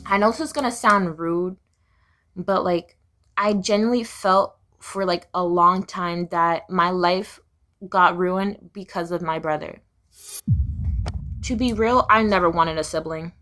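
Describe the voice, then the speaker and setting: A woman's voice: on the low side, fairly even intonation, measured pace, a bit bright. A young woman speaking candidly in a personal confessional vlog, raw and profane, firing off heated rhetorical questions. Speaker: vlogger. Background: music.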